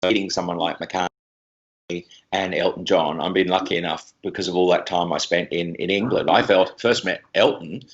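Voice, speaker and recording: Deep-voiced man telling stories. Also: normal speed, highs cut off. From Australia. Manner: rambling, animated storyteller with many restarts. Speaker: radio presenter, guest. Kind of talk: anecdotal interview chat.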